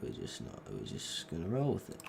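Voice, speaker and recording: A man's voice: low-pitched, wildly swooping pitch, brisk, vocal fry, noisy background. A sick young man with a cough, giving rambling, joking gameplay commentary into a desk microphone and drifting off mid-thought. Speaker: gaming video creator.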